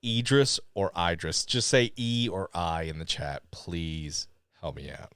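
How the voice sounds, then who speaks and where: A man co-hosting a live podcast in casual chat, animated and laughing often as he reads listener comments aloud. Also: extremely low pitch, measured pace, smooth, no room sound. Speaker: podcast co-host.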